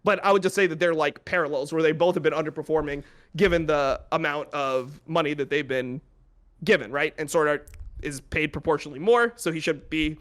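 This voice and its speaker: A young man with a fairly high voice hosts a casual podcast. He talks in blunt, profane, exasperated rants. His delivery is loose and conversational. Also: a little fast, a bit bright. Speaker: podcast host.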